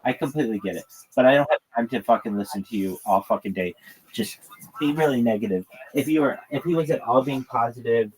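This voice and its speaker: A man's voice: mid-range voice, a little fast, a little mellow, a little hiss or hum, rough recording. A man telling a rambling, profanity-laced story in a casual livestream monologue.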